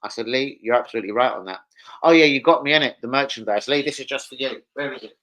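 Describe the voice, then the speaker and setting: A young man hosting a casual football live stream, excitable, swearing and calling out viewers by name. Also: mid-range voice, quick pace. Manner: excitable, swears, calls out chat names.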